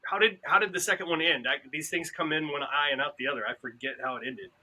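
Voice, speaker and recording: A man in a casual podcast chat, an animated storyteller who acts out what others said. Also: on the high side, fast, breathy edge. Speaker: podcast participant.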